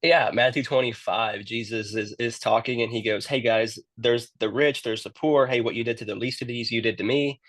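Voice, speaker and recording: A man's voice: mid-range voice, steady tone, normal speed, hardly any pauses, fairly bright tone, dry recording. A man who works in youth ministry, telling his story in a casual interview and often repeating words as he starts a sentence.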